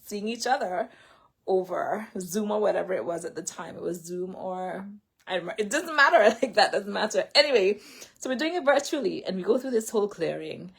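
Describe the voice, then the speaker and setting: A woman vlogger sits indoors and tells the camera a personal story of faith and healing as casual spoken testimony. Her voice is fairly low, with vocal fry and a breathy edge, and she rambles with lots of fillers and self-corrections.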